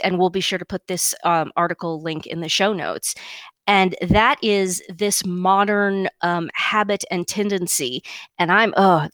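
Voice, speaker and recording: A woman's voice: on the low side, a bit bright, no echo. Emphatic woman podcast co-host. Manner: emphatic, declarative, downward-inflected statements. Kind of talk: opinionated podcast commentary.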